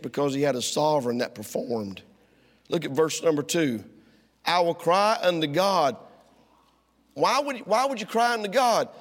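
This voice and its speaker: A middle-aged male pastor preaching a sermon, swinging from loud, driving lines to hushed ones. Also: on the high side. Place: church sanctuary. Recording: long church reverb.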